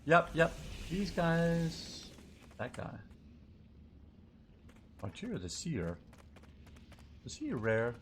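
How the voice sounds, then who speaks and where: A male streamer talks through his game session in an easy, wandering way. His pitch swings up and down as he chats, and a faint hiss sits under his voice. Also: wildly swooping pitch, slow pace, pauses often, fairly bright tone. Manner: chatty, rambling, thinks aloud. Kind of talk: live gameplay commentary.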